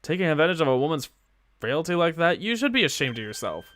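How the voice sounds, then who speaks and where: A man's voice: on the high side, big pitch swings, fast talker, fairly bright tone. A man doing a cold, haughty prosecutor. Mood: disapproving. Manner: stern, clipped, condescending. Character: cold, haughty male prosecutor, sharp and icy. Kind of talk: game dialogue read-along.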